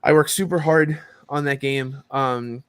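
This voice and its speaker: A voice actor and professor in his forties tells stories as a podcast guest in casual interview chat, an animated storyteller peppering his speech with "um" and "like." His medium-pitched voice is smooth and measured, recorded dry.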